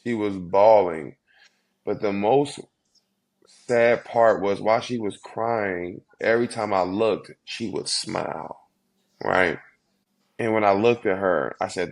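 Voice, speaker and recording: Earnest low-voiced man telling his story. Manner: earnest, heartfelt, quick bursts with slow emphatic pauses. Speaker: guest. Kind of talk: emotional storytelling interview.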